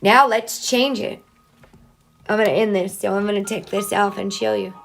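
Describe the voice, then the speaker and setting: A woman speaking at home in an earnest, heartfelt spiritual monologue, now and then drifting into soft singing. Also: mid-range voice, fairly even intonation, moderate pace, gravelly, soft background music. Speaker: vlogger sharing grief healing. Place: home, in her child's room.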